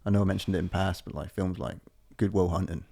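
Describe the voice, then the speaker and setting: Man, podcast co-host, deep dark voice, flat delivery, sweary casual chat. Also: fast, vocal fry, slightly rough. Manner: rambling, sweary, tangent-hopping.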